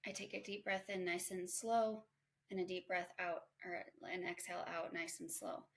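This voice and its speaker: A woman's voice: lowish voice, steady tone, moderate pace. A woman hosting a podcast, talking in a candid, conversational and self-reflective way about parenting in a casual self-help monologue. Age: adult mother. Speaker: podcast host.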